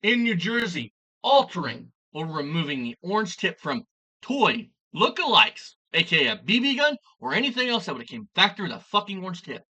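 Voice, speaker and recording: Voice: mid-range voice, big pitch swings, moderate pace, pushed and bright, recorded from a distance. A vlogger delivering an angry, profane commentary rant, hurling insults and repeating lines for emphasis.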